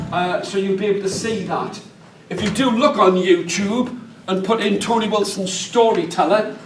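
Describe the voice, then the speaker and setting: A man with a Northeast English accent, a storyteller leading a workshop, chatty and playful with the audience. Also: high-pitched. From northeast England. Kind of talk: live workshop talk to an audience. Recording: echoey room, mic far off, faint background noise.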